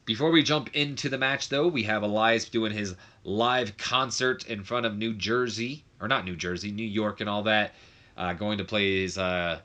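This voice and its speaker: Chatty young man with a bright, forceful voice. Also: fairly low pitch. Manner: chatty, frequent fillers and self-corrections; does quick mock voices of others. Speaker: game commentator. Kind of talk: casual game commentary recap.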